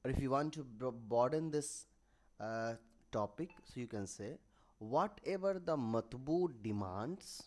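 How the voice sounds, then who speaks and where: Guy teaching grammar online, really slow, stops n restarts a lot. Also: mid-range voice, lively intonation, darkish tone. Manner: halting, with restarts and self-corrections; writes examples while explaining. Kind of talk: explanatory lesson.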